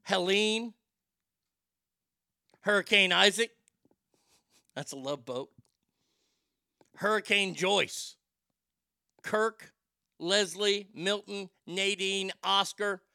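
A man's voice: sits high, drawn-out words, gravelly, pauses often, smooth, no room sound, clean studio sound. A man hosting a show, delivering a profane comic rant with mock outrage. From Texas. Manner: ranting, profane, mock outrage with loud outbursts. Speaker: radio show host. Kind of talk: comedic rant.

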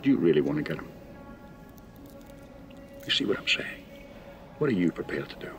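An actor playing a hard-nosed older Irish-American beat cop in a film clip, speaking in a low, hushed, gravelly way. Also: male voice, very animated, normal speed, music in the background. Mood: intense. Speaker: film character in a played clip. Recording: film clip with faint background ambience.

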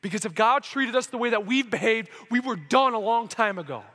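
A man's voice: very high-pitched, expressive, brisk, sharp tone. A young man preaching a sermon, telling a story with emotion and acting out quoted dialogue. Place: church service hall. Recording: hall reverb.

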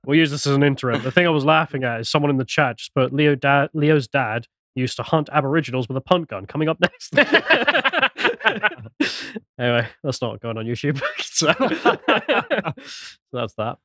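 A man's voice: medium pitch, animated, moderate pace, a bit bright, no room sound, clean studio sound. A man hosting a podcast in casual chat, jokey and rambling, laughing often. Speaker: podcast host.

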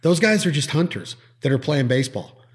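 A man's voice: on the high side, a little fast. A man hosting a podcast, talking casually and acting out quoted people as he tells stories. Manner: animated storyteller who acts out quoted voices. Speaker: podcast host. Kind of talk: casual chat.

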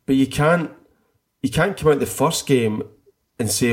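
A man's voice: medium pitch, expressive, a little slow, slightly rough. A middle-aged man co-hosting a casual football chat, enthusiastic and rambling, often restarting his sentences. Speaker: podcast co-host.

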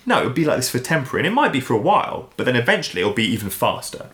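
A man as a podcast guest, talking in a casual, animated way and acting out the voices he quotes. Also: medium pitch, very fast. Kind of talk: casual interview chat. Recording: roomy echo.

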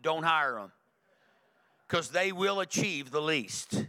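Man, pastor, sermon, fairly high voice, emphatic and repetitive, conversational. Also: expressive, slow, sharp tone, big-room sound. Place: church sanctuary.

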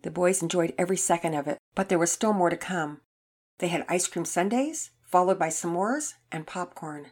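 A woman narrating a children's story in an expressive reading voice. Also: lowish voice, normal speed, breathy edge.

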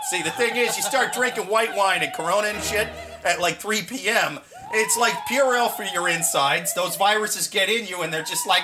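A man with a high voice rambles through a loose comedy podcast chat, laughing between jokes. Music plays clearly under his voice. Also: moderate pace. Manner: rambling, joking, laughs often.

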